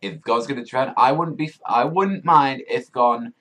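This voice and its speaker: A young man giving casual reaction commentary on a manga chapter, excitable and profane, rambling with lots of fillers. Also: medium pitch, normal speed.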